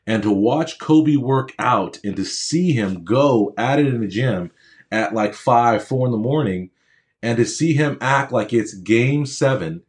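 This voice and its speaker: Man giving an emphatic motivational talk. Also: medium pitch. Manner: emphatic, repeats phrases for emphasis; conversational, checks in with the audience. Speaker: motivational speaker to aspiring medical students. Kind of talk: motivational speech with personal stories.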